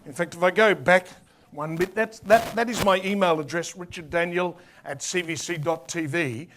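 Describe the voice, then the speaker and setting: A man's voice: sits high, moderate pace, background noise. An Australian man giving a casual, joking presentation to a conference audience. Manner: chatty and playful, with asides. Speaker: conference speaker.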